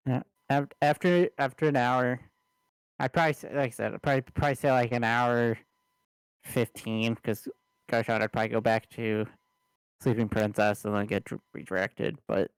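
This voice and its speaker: A man's voice: mid-range voice, fairly even intonation, normal speed, smooth, dry recording, poor audio. A man narrating as game master in a tabletop game, talking hesitantly with many restarts. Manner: hesitant, lots of fillers and restarts.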